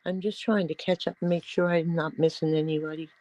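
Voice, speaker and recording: A woman's voice: low-pitched, fairly even intonation, brisk, darkish tone, no room sound, low-quality recording. A middle-aged woman hosting a casual livestream, chatting in a rambling way and cooing at her pets. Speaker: livestream host.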